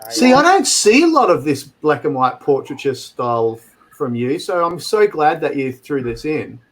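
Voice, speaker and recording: A man hosting a casual group chat about photography, reacting with relaxed enthusiasm. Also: a little high, moderate pace. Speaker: host.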